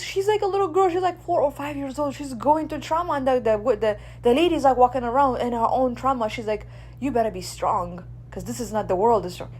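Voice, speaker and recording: A woman from Ethiopia, hosting a radio show in a blunt, animated monologue. She swears freely and keeps asking her listeners "right?". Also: high-pitched, slight background noise. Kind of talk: casual opinion monologue.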